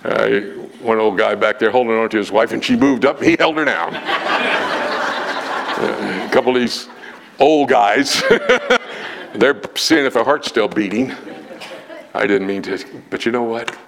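A male preacher delivering a storytelling sermon in a dramatic, animated way with emphatic pauses. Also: mid-range voice, gravelly, noisy background.

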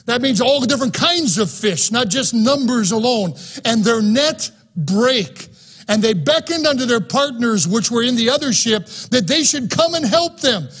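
A man preaching a sermon in an auditorium, fervent and emphatic, swinging between soft and loud passages. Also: very high-pitched, animated, moderate pace, breathy edge. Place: auditorium, live-streamed.

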